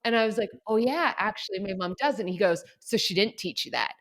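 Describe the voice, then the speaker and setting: A young adult woman co-hosts a podcast, telling a story in casual chat as an animated storyteller who quotes other people and laughs often. Her voice is medium-pitched and her pace brisk.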